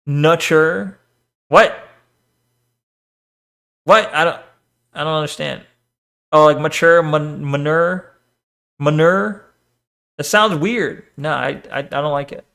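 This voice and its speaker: A man's voice: on the high side, measured pace, vocal fry, long pauses, sharp tone. A man streaming and chatting casually, reading chat, swearing often and rambling between topics.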